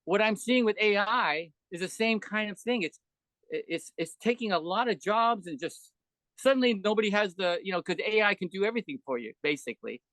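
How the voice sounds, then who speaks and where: Older man telling stories, high-pitched. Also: lively intonation, a little fast, fairly bright tone, no echo. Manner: rambling storyteller who acts out quoted voices. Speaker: podcast guest, veteran animator. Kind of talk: casual interview chat.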